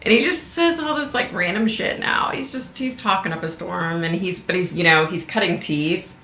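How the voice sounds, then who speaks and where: Chatty woman telling stories, bright tone. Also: fairly low pitch, normal speed, roomy sound, a little hiss or hum. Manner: chatty storyteller, laughs often, acts out quotes. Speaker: vlogger. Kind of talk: casual livestream chat.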